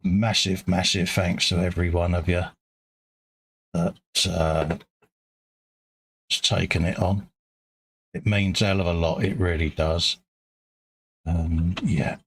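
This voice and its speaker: A British man with a deep, low voice talks casually on a live stream. He drifts between friendly chat and quiet muttered asides while he works. The sound is close and dry, with no room around it. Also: breathy edge, no echo. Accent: British English. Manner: chatty, mumbling asides to himself while working. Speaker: livestream host painting models.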